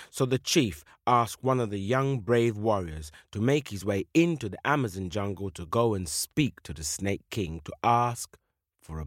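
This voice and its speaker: Man narrating a children's story, expressive, drawn-out repeats, lively pitch. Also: no echo, clean studio sound. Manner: expressive, slow dramatic repetitions.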